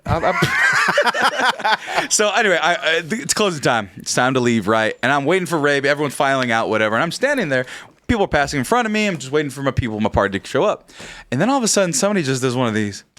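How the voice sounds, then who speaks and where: A man's voice: on the high side, big pitch swings, fast, sharp tone, a little hiss or hum. A man casually telling a long funny anecdote on a podcast, acting out the voices and laughing often. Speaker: podcast co-host. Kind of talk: casual storytelling.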